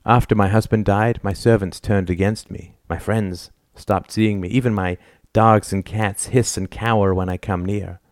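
A man voicing a quiet, despairing woman doctor confessing her guilt in an audiobook. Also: on the low side, steady tone, normal speed, hardly any pauses, dry recording, studio quality, natural voice.

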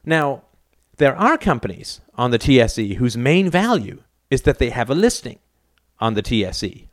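A man's voice: medium pitch, very animated, moderate pace, no echo. A man narrating a novel in a wry, dry storytelling manner. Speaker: audiobook narrator.

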